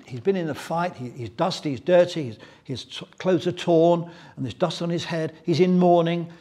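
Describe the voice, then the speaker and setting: Man teacher, husky and a touch high, telling the passage as a story. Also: darkish tone. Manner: storytelling, reading scripture aloud. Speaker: Bible study teacher. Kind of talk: Bible study teaching.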